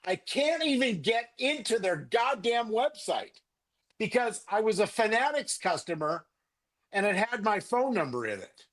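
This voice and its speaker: A man's voice: sits high, very animated, measured pace, a bit bright. An older man, a sports card collector, ranting with profanity in a rambling, angry way on a livestream video call. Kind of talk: heated livestream rant. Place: home, remote video call.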